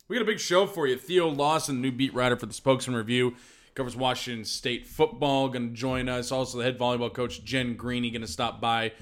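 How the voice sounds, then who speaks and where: A man's voice: medium pitch, steady tone, brisk, a bit bright. A man hosting a podcast in casual chat, rambling and enthusiastic, joking at his own expense. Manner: rambling, enthusiastic, self-deprecating. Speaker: podcast host.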